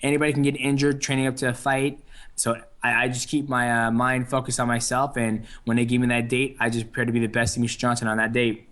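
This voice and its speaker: A young man talks through an interview at an easygoing pace. His speech is loose and full of fillers and restarts. His voice sits at an average pitch. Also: little pitch movement, quick pace, a bit bright. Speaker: interview guest, fighter. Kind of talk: casual phone interview.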